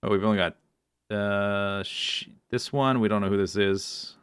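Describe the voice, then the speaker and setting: A man with a low voice talks through a puzzle game on stream, musing and muttering as he reasons things out. The sound is dry and close, from a home setup. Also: steady tone, unhurried, fairly bright tone, clean tone, no echo. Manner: thinking aloud, muttering to himself. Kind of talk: casual gaming commentary.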